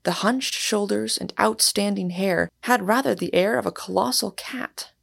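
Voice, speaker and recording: Woman narrator, audiobook reader, mid pitch with gravelly fry, measured delivery. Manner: measured, storytelling. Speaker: podcast host and reader.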